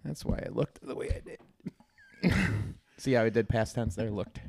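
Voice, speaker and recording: A man's voice: medium pitch, expressive, a little slow, creaky, darkish tone, no room sound. A man co-hosting a casual podcast, teasing his partner and laughing often. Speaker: podcast co-host. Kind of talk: casual banter.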